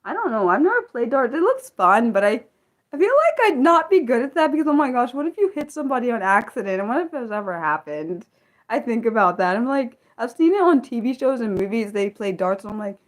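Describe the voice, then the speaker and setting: A woman's voice: a little high, big pitch swings, brisk. A young woman from the United States hosting an unscripted livestream, rambling with many fillers and restarts as she chats with viewers. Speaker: livestream host.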